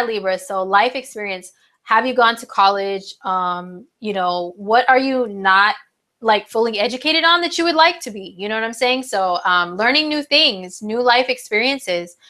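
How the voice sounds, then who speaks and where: A woman's voice: on the high side, bright, forceful tone. A young adult woman hosting a casual live horoscope stream on her phone, chatty and full of fillers and asides to her viewers. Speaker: astrology livestream host.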